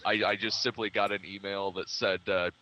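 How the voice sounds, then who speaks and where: A man's voice: lowish voice, level tone, normal speed, sharp tone, a little hiss or hum. A man telling a story casually on a film commentary track, chuckling as he goes. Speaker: cast member. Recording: dull lo-fi audio.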